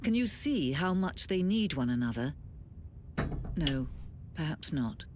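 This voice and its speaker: A woman voicing a gentle, knowing female narrator in a video game, speaking slowly and calmly. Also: deep voice. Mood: pleading. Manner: calm, slow, pleading. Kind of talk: scripted game voice acting. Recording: game audio under loud noise.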